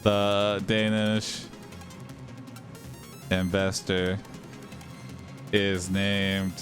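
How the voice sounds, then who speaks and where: Host, man, low voice, very slow drawn-out dictation with fillers. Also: little pitch movement, soft background music. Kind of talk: improvised comedy story narration.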